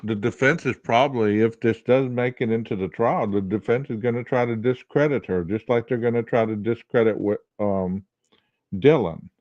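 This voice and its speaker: A man's voice: medium pitch, normal speed, a little mellow, no room sound, dull audio. A man hosting a podcast, arguing a true-crime case in casual talk with a heavy early-morning voice and lots of rhetorical questions. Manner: argumentative, asks rhetorical questions. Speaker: podcast host.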